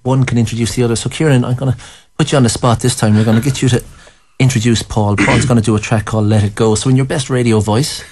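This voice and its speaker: Young male radio host, quick-fire delivery, jokey and teasing. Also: medium pitch, fairly even intonation, a little mellow, slight background noise. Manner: joking, teasing banter. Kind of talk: live radio interview.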